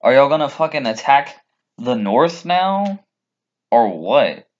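Profane, animated ranting man. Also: medium pitch, takes it slowly. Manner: animated, profane, mock voices for characters. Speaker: vlogger. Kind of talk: casual ranting commentary. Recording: dull lo-fi sound.

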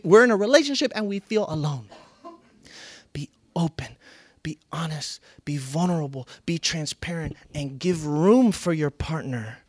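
Male pastor, high voice, dry close sound, preaches in loud bursts and quiet moments, repeats himself for emphasis. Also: no echo. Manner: dynamic, swinging from loud to hushed; repeats key phrases for emphasis. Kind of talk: sermon.

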